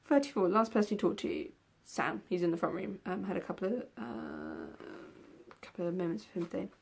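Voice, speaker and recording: This book vlogger's voice is fairly low, gravelly and slightly rough, swinging widely in pitch as she talks briskly. The young woman rambles through tag questions in a casual vlog, with many ums and the occasional yawn.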